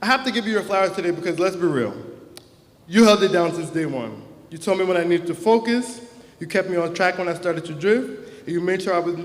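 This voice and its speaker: A young man with a high voice gives an earnest, heartfelt graduation speech from a stage microphone as class president, sometimes becoming emotional. He speaks a little fast, and his words echo through a large hall or auditorium with long reverb.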